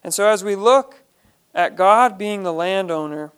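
A man's voice: sits high, unhurried, a bit bright, clear, resonant tone. A man leading a Bible study, reading each verse aloud and then explaining it in plain, earnest terms.

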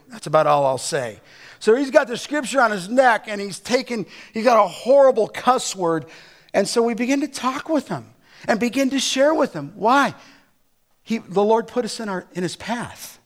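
High-voiced man preaching emphatically. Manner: emphatic preaching with rising exhortations and storytelling asides. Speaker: pastor. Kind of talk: sermon.

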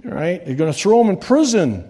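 A man preaching a sermon, swinging between loud, rising reading and quiet, dropped endings. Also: high voice, very animated, a little fast, husky. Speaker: pastor.

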